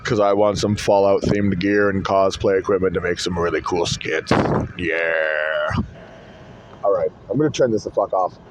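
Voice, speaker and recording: A man's voice: low voice, fairly even intonation, normal speed, background noise. Profane, blunt man vlogging from his car. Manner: profane, blunt, swears constantly. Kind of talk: casual rambling monologue. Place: inside a parked car. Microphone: phone camera in a car holder. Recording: dull lo-fi phone audio in car.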